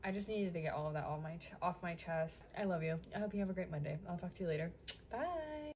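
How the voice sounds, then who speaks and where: A woman's voice: lowish voice, steady tone, very fast, a little mellow, husky. A young woman venting about her call center job in a casual vlog, full of "like" fillers.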